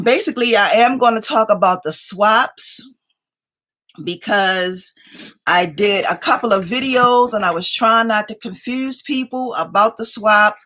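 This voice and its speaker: A woman's voice: medium pitch, sharp tone. A woman hosting a casual craft livestream from home, greeting viewers by name as they join and chatting along, a little sleepy. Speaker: craft channel host.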